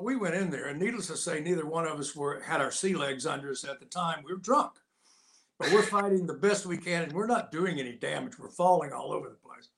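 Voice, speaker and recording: An older American man, an actor and Navy veteran, telling lively anecdotes as an interview guest and acting out the people he quotes. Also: a little high. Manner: animated anecdotes with voiced quotes. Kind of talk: casual storytelling.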